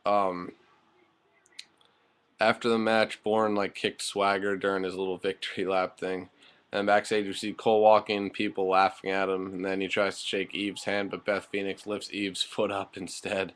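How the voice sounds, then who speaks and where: A man's voice: sits low, level tone, moderate pace, a bit bright. A man giving a casual, rambling spoken recap of a wrestling show, full of fillers and offhand, blunt remarks.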